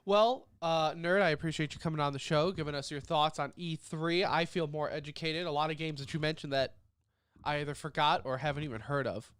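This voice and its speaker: A man's voice: a little high, fairly even intonation, fairly quick, fairly bright tone, clean tone, dry recording, studio quality. A man hosting a podcast in a casual chat, his voice a bit nasal from a lingering cough. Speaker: podcast host.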